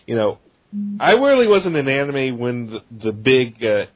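A man's voice: medium pitch, very animated, normal speed, no echo. A man co-hosting a podcast, chatting casually and steering the talk. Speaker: podcast co-host. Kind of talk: casual chat. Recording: dull lo-fi audio.

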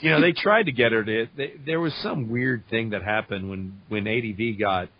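A man's voice: lowish voice, normal speed. A man, a voice actor guest, telling anecdotes in casual chat. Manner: anecdotal, animated retelling. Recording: dry, dull lo-fi audio.

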